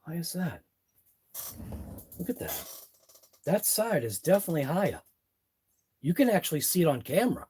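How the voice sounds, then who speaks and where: A man's voice: on the high side, very animated, moderate pace, pauses often, darkish tone, a little hiss or hum. A man hosting a live RC car workshop stream, thinking aloud as he wrenches in his garage. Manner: muttering thoughts aloud as he works. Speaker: RC hobby channel host.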